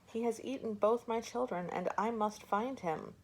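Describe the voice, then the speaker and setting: A woman voicing a weary, desperate mother who pleads with animals and then shouts at an elephant. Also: fairly high pitch, moderate pace, slight background noise, voice pushed up, close to an everyday voice. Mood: pleading. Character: desperate tired mother searching for her children.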